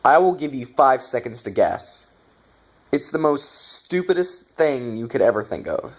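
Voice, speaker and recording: A man tears into a bad movie in a slow, drawn-out rant. His voice swings widely in pitch as he piles on sarcasm and swearing. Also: big pitch swings. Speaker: movie reviewer. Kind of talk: casual ranting review.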